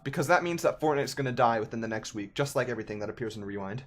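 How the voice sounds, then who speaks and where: A man's voice: medium pitch, racing, few pauses, fairly bright tone. A young man in his twenties, a gaming YouTuber, ranting in casual, sarcastic commentary.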